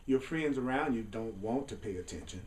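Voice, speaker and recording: A man's voice: mid-range voice, expressive, brisk, a little mellow. A man teaching a spiritual class in a casual, playful way, chuckling often and wandering into asides. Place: classroom with a group. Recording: echoey room, distant mic, faint hum.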